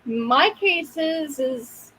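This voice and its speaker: A woman's voice: sits high, expressive, very slow, sharp tone, slight background noise, rough recording. A middle-aged woman from Oklahoma co-hosting a podcast, trading wry, teasing banter in casual chat. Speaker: podcast co-host.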